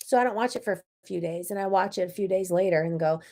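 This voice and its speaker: Woman hosting a faith show to camera, preachy and blunt, pokes fun at herself, gets loud then goes quiet. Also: medium pitch, fast. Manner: fiery and preachy, swings between loud outbursts and hushed asides; candid and self-deprecating. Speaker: host of a faith talk show. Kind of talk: impassioned faith talk to camera.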